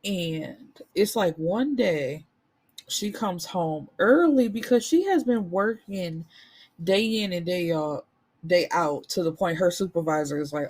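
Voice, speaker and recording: A woman's voice: medium pitch, measured pace. Chatty woman recapping a book. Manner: chatty, animated, colloquial, swears. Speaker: book reviewer. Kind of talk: casual book summary.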